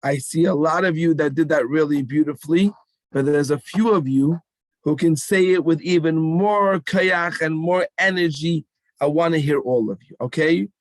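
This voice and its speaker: A man's voice: fairly high pitch, no room sound. A man giving an emphatic call-and-response talk to children at a rally. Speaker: speaker addressing children.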